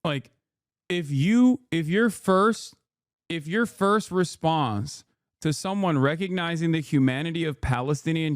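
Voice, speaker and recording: Fired up guy ranting and swearing, pretty high voice, dead dry sound. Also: no room sound. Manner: heated, profane, shouting bursts. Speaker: political commentary streamer. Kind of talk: angry profane commentary.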